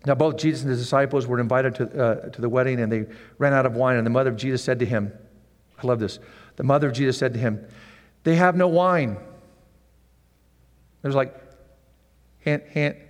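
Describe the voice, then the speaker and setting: A man's voice: mid-range voice, brisk, long pauses, in a large hall. A man preaching a sermon in a conversational way who acts out the scenes. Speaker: pastor.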